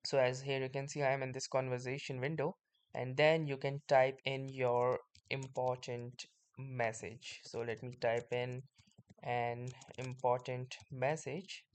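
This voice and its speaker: A man narrates a screen-recorded software tutorial in a steady, explanatory way. His voice is smooth and clear, sitting at an ordinary middle pitch, and he starts many sentences with "so". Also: measured pace. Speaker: tutorial host.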